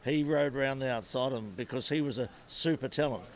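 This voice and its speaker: Older Kiwi ex-racer telling stories. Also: male voice, medium pitch, fairly quick. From New Zealand. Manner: animated anecdotes with frequent restarts. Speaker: former motorcycle racer and businessman. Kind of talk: interview, storytelling.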